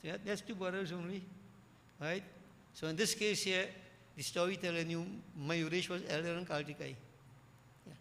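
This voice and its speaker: A male preacher delivers an emphatic sermon, repeating key phrases and swelling louder on his main points. His voice is bright, a little high, and rings in the long echo of a hall. A faint murmur sits underneath. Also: steady tone, moderate pace, long pauses, slight background noise. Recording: echoey hall with faint ambience.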